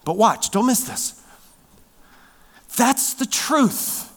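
A man preaching a sermon, emphatic, swinging from loud stressed words down to hushed near-whispers. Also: very high-pitched, big pitch swings, drawn-out words, long pauses. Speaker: pastor.

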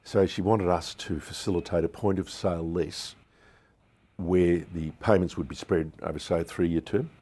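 A man's voice: low voice, fairly even intonation, normal speed, mellow, slightly rough. An Australian businessman in his sixties telling candid stories in an interview and acting out what people said. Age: 60s. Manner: anecdotal, candid, acts out quotes. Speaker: business founder guest. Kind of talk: storytelling interview.

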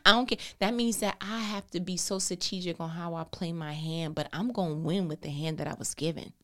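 This is a woman delivering a casual vlog monologue in a lively, expressive voice. She talks in a colloquial, conversational way. Now and then she drops into quiet, whispered asides. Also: on the low side, moderate pace. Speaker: vlogger.

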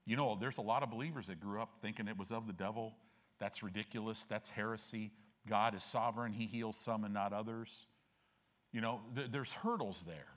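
A man's voice: on the low side, a bit bright. A middle-aged man preaching a sermon to his church as pastor, acting out people in the stories he tells.

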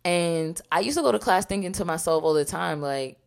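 A young woman with a low-pitched voice co-hosts a casual podcast chat. She tells stories animatedly and acts out other people's lines as she goes. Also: brisk, creaky. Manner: animated storytelling, acts out quotes. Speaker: podcast co-host.

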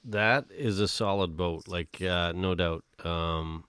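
A man hosting a podcast interview, a little hoarse from losing his voice, asking laid-back questions with stop-start phrasing. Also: low voice, a bit bright. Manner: laid-back, halting questions with repeated words. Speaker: podcast host. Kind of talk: casual interview.

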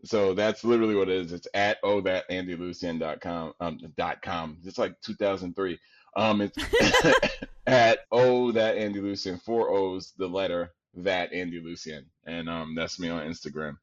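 A man from Queens with a deep, resonant voice, a podcast guest telling stories in an animated, slangy way and laughing often. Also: normal speed, muffled recording. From Queens, New York. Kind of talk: casual storytelling chat.

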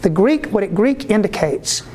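This Catholic priest, with a high voice and moderate pace, delivers an animated sermon-style talk to ministry workers. He acts out quoted voices and frequently asks listeners whether they're with him and agree.

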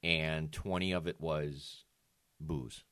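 A man's voice: a bass voice, steady tone, slow pace, creaky, fairly bright tone, smooth, no room sound. A man co-hosting a podcast, telling stories in casual chat and swearing when he gets worked up. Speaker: podcast co-host.

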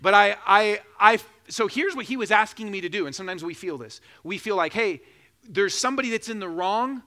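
A man in his thirties preaching a sermon, telling a joking personal story, then building to loud, slow emphasis. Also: high voice, expressive. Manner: preaching with rising emphasis, slowing for key phrases; jokes and laughs during a personal story. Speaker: pastor.

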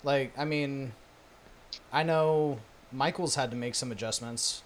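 A man's voice: medium pitch, unhurried. A man co-hosting a casual podcast, easygoing and mostly chiming in with short replies. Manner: easygoing, brief agreeing replies.

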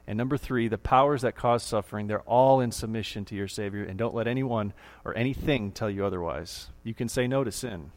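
A man's voice: on the low side, a little fast, few pauses. Emphatic preaching man. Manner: emphatic, repeats key phrases, rises for emphasis. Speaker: pastor. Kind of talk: sermon.

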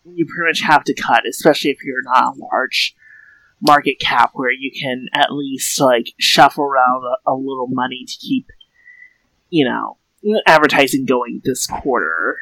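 Guy with a gravelly voice chatting slow on a podcast, dry sound, kinda sardonic and rambly. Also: mid-range voice, sharp tone, no room sound, rough recording. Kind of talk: casual podcast chat.

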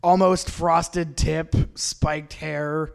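A man's voice: fairly high pitch, little pitch movement, extremely slow, vocal fry, smooth. A man co-hosting a comedy podcast, riffing with jokey asides in casual chat. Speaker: podcast co-host.

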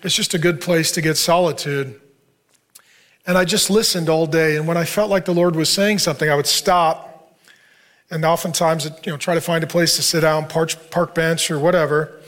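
A man's voice: a little high, steady tone, normal speed, fairly bright tone. Earnest storytelling male pastor. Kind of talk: sermon to a men's group.

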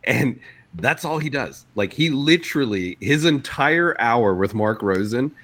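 A man's voice: medium pitch, expressive, measured pace, a bit bright. A man telling a funny story in a casual chat, swearing freely, laughing often and acting out the people he quotes.

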